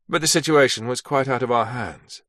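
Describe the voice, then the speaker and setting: A man's voice: medium pitch, moderate pace, fairly bright tone, no room sound, clean studio sound, close to an everyday voice. A man voicing a formal, careful male operations officer in an audiobook.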